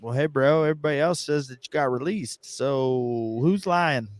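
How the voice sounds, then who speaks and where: A man's voice: mid-range voice, moderate pace, no room sound. A man co-hosting a wrestling podcast, joking, teasing and swearing in casual chat. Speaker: podcast co-host.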